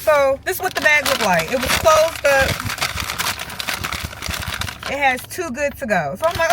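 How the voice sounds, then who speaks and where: A woman with telling a casual storytime vlog from her car, acting out other people's lines in an animated way. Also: high voice, normal speed, long pauses, heavy background noise. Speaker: vlogger. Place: parked car.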